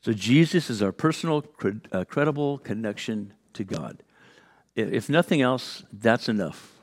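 Animated male pastor telling a story. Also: mid-range voice, normal speed. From California. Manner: animated storyteller, acts out quotes, many fillers and restarts. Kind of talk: sermon with storytelling.

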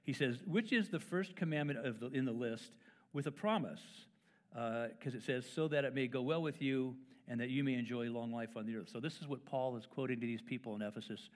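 Middle-aged pastor with a playful preaching style. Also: male voice, medium pitch, fairly quick. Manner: conversational, playful, acts out quoted dads. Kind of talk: sermon. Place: church sanctuary.

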